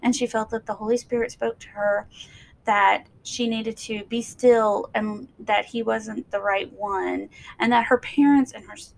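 Woman, podcast co-host, casual chat, sarcastic, fairly high, creaky. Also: steady tone, a little slow, a little hiss or hum, rough recording. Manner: sarcastic, chatty, rambling.

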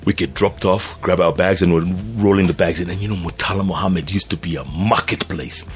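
A man's voice: sits low, fairly even intonation, a little fast. A male radio host telling a casual anecdote and acting out the voices of the people he quotes.

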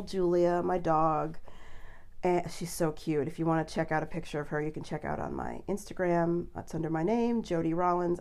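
A woman's voice: lowish voice, darkish tone. A woman hosting a podcast, telling a story in casual chat with frequent laughs. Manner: chatty storyteller, laughs often. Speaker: podcast host.

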